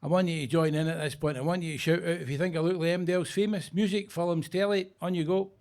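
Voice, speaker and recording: Older scottish man, headline comedian, gruff, sweary, crowd-bossing, slightly high voice, basement club. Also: fairly even intonation, fast, darkish tone. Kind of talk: stand-up comedy.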